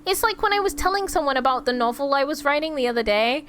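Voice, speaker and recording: Young woman streamer, high voice jumping all over, joking about herself and laughing a lot. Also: fast talker, slight background noise. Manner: animated and self-deprecating, laughs often. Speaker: VTuber streamer. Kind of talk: casual stream chat.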